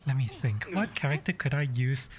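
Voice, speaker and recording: A man's voice: medium pitch, lively intonation, normal speed. A man streaming a game, talking casually in rambling, swearing asides to his chat. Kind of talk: casual live-stream commentary.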